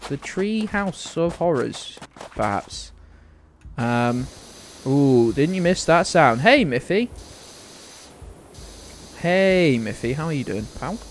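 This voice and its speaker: A man's voice: on the high side, sing-song, takes it slowly, long pauses, a little hiss or hum. A man in his twenties chatting casually on a live game stream, rambling, swearing now and then and greeting viewers by name. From United Kingdom. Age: 20s.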